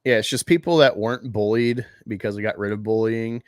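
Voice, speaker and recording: A man's voice: lowish voice, steady tone, fairly quick, no room sound. A man hosting a casual podcast chat, talking in a joking and sarcastic way. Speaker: podcast host. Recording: dry close mic.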